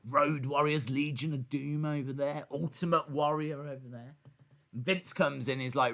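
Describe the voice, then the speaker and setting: A young man hosting a live wrestling watch-along stream, chatting in a jokey, animated way and acting out little scenes with sudden shouted bits. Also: fairly high pitch, normal speed.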